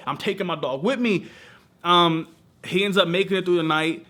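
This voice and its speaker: Bright-voiced young man vlogging, animated. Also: high-pitched, moderate pace. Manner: animated, emotional storytelling with slang like bro and y'all. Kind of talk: casual vlog chat. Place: lives in Southern California.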